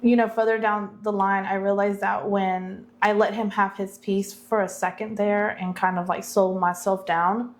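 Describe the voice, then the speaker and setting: A woman's voice: mid-range voice, flat delivery, moderate pace, hardly any pauses. A young woman co-hosting a podcast, chatting candidly with lots of filler words. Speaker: podcast co-host. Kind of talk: casual chat.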